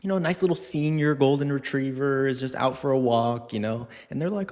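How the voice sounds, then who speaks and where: A man's voice: medium pitch, fast, hardly any pauses, long reverb tail. A man who trains dogs, answering viewer questions on a live stream in a loose, chatty way with lots of fillers. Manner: casual, chatty, lots of fillers, acts out scenes in funny voices. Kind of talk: live Q&A stream, casual talk.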